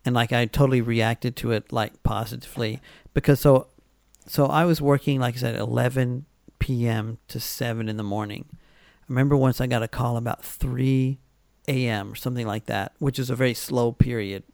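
A man's voice: medium pitch, fairly even intonation, normal speed, vocal fry, a little mellow, no room sound, clean studio sound. A man telling rambling stories in casual chat, full of fillers and restarts.

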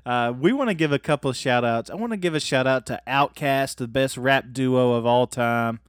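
A man's voice: medium pitch, moderate pace, smooth, no room sound. Rambling joking podcast guy, dry close sound. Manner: joking, rambling recap with fillers. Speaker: podcast co-host. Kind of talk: casual comedic chat.

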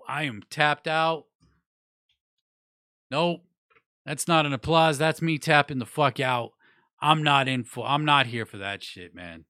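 Profane, bright-voiced man reviewing music. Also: a little high, measured pace, dry recording, clean studio sound. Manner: blunt, profane, rambling with restarts. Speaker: music news vlogger. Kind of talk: casual opinionated review.

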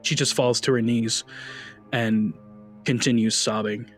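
Relaxed man narrating a tabletop game. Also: mid-range voice, a little slow, soft background music. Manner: relaxed, with frequent ums and uhs. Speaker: game master.

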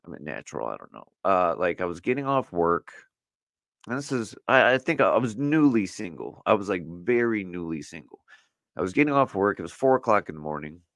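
A man's voice: sits low, big pitch swings, brisk, vocal fry, a bit bright, no echo, studio quality. A middle-aged man hosting a podcast alone in a loose, rambling chat, full of "you know" and "like". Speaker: podcast host. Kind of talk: casual solo podcast chat. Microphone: camera setup for video recording.

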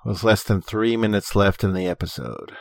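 A man co-hosting a podcast, recapping episodes in a steady, informative way with dry humor. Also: on the low side, moderate pace, creaky. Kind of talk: casual recap narration.

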